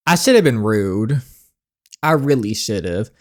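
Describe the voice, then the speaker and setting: A man's voice: deep voice, animated, normal speed. A man giving casual, joking commentary while playing a story game as the channel host. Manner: chatty and joking, with laughs.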